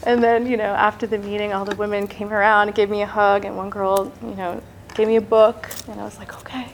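A woman telling her own recovery story in a candid personal testimony, halting and peppered with "like" and "you know". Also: medium pitch, monotone, slight background noise, poor audio.

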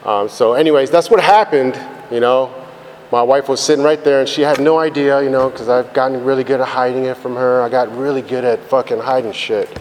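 A man tells his recovery story in candid, rambling testimony, swearing freely and leaning on fillers. His middle-pitched voice carries a long hall reverb. A faint hum of background noise sits under it. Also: steady tone, brisk, darkish tone. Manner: blunt and profane, rambling with many fillers.

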